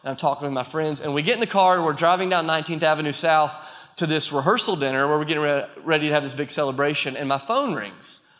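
A man in his thirties preaching to a church, with a bright, ringing voice pitched a little high. He tells stories about himself with self-deprecating humor and builds to passionate calls to the congregation. His voice carries a long reverb from a large hall. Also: fast talker. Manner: storytelling, self-deprecating, rising to passionate appeals. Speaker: pastor. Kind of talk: sermon.

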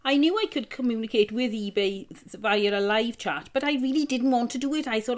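A middle-aged woman with a fairly high voice tells stories in an earnest, reassuring way. She co-hosts a casual podcast and speaks plainly. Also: fairly quick, hardly any pauses. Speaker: podcast co-host. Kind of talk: casual chat.

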